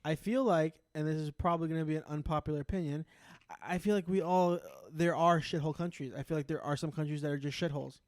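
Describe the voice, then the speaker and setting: A man co-hosting a casual podcast, telling stories in an animated, profane way. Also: on the high side, fast talker, dry recording. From United States. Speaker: podcast co-host. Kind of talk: casual chat.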